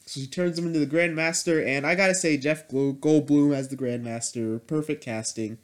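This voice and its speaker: At a moderate pace and in a fairly high-pitched voice, a man casually reviews a superhero movie. His rambling commentary jumps from loud, enthusiastic outbursts to quiet, mumbled asides.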